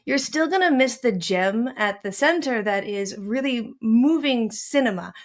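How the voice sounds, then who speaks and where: A woman's voice: a little high, animated, measured pace. A woman from Queens with a Queens New York accent, hosting a film podcast in casual, enthusiastic chat with frequent laughter. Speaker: podcast host. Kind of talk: casual conversation.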